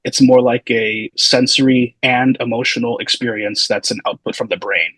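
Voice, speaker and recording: A man's voice: medium pitch, steady tone, normal speed, a bit bright, husky, dry recording, poor audio. A man in his thirties, a physical therapy student and podcast guest, telling stories in a loose, meandering, casual way. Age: 30s. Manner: loose, meandering, full of hedging asides. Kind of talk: casual storytelling.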